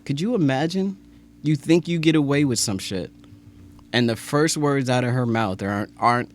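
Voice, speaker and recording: A man's voice: medium pitch, moderate pace, a little hiss or hum. A man co-hosting a podcast in casual chat, joking, cursing freely and laughing often. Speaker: podcast co-host.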